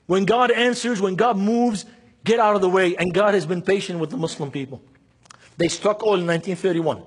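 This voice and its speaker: Male preacher, high husky voice, impassioned, lots of rhetorical questions. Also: fairly quick. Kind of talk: sermon.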